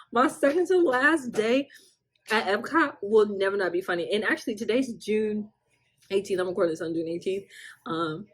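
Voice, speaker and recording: A husky-voiced young woman tells a casual storytime vlog. Her pitch rises and falls a lot as she acts out what people said, and she laughs often between lines. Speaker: vlogger.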